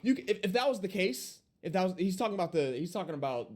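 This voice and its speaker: Higher-voiced young man, blunt and incredulous. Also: sing-song, fast talker, darkish tone. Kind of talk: casual chat.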